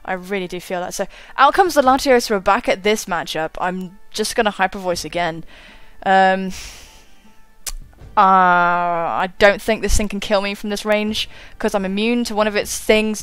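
A woman's voice: mid-range voice, fairly even intonation, moderate pace, fairly bright tone, smooth, no echo, faint music behind. A young woman giving casual, chatty commentary on a game battle, swearing and mocking her own moves. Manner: chatty, self-mocking, swears and laughs often. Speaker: gaming YouTuber.

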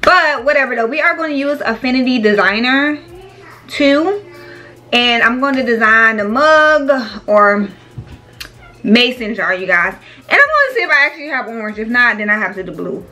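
A talkative woman vlogger, chatting straight to her viewers. Her voice sits a little high and has a bright, forceful edge. She keeps calling her audience "y'all" and "baby". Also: sing-song, normal speed. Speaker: small business owner and vlogger. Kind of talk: casual chat to viewers.

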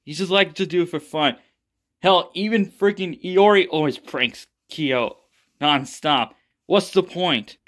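A man voicing a sarcastic young adult son who stays calm and exasperated. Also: a little high. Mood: reasoning. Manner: dry, exasperated, quick.

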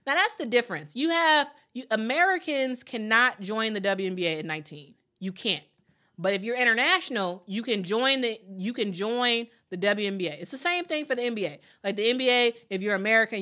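A woman hosting a casual live watch party, chatty and excitable, often repeating her phrases and reading viewer comments aloud. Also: medium pitch, brisk. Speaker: host of a draft watch party stream.

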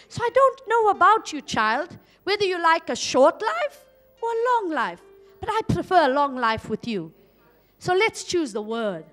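A woman from South Africa preaching a sermon, swinging from loud exhortation to hushed asides. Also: high-pitched, very animated, a little slow, soft background music. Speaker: pastor.

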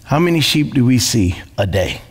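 A man's voice: mid-range voice, very animated, moderate pace, breathy edge, big-room sound. A man preaching a sermon as pastor, emphatic, repeating phrases and asking rhetorical questions.

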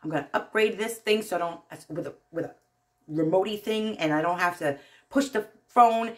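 A woman with a New Jersey accent hosting her own channel, talking to viewers into her phone in an excitable, gushing way, laughing often and trailing off mid-sentence. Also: fairly low pitch, moderate pace. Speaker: YouTube channel host. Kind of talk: casual vlog talk to viewers.

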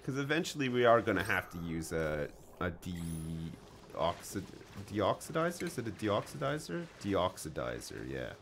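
Lively low-voiced man streaming a game. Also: measured pace, vocal fry, slight background noise. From Canada. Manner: casual, joking, chatting with viewers. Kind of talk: live gameplay commentary.

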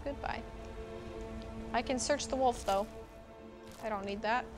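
With game music behind her, a young woman chats her way through her first playthrough of a video game, bubbly and exclaiming often. Her slightly high voice is unhurried.

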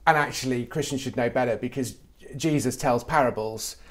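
A man's voice: mid-range voice, fairly quick. A middle-aged man from England, a comedy writer talking animatedly in an interview and slipping into mock voices when he quotes people. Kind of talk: conversational interview.

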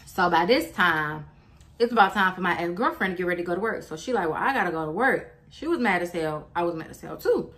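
Woman in her 20s, storytime vlogger: blunt, animated, curses freely. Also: fairly low pitch, fast, slight background noise. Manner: animated, blunt, swears freely, acts out quotes. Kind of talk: casual storytime.

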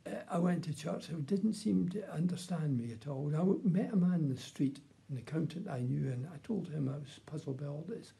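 A man's voice: on the high side, vocal fry, mellow. An older man telling his personal faith testimony in a plain, earnest storytelling way. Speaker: testimony speaker.

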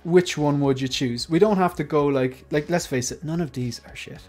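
A man's voice: fairly high pitch, moderate pace, darkish tone, soft background music. A man hosting a casual livestream panel, chatty and jokey, rambling with frequent restarts. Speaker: livestream host.

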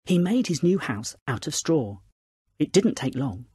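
A woman narrating a children's storybook in a lively, expressive reading. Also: deep voice, unhurried, noisy background.

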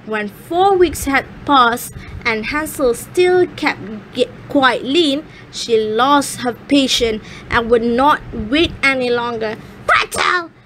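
Storyteller, woman, high and slow, careful halting reading, faint hiss. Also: a bit bright, rough recording. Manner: careful, slightly halting reading with small slips. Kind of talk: reading a fairy tale aloud.

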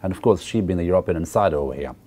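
A man with a low, deep voice delivers a recorded university lecture on literature. He works through the text at a measured, explanatory pace. He keeps checking in with "okay" and "right" and fills his pauses with "uh" and repeated words. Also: mellow, breathy edge. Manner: hesitant fillers and repeated words.

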